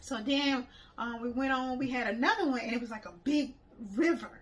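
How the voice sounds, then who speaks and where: A woman's voice: high-pitched, fairly quick, low-quality recording. A woman who organizes group trips, telling a story in a casual, chatty way. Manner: chatty, laughs while retelling.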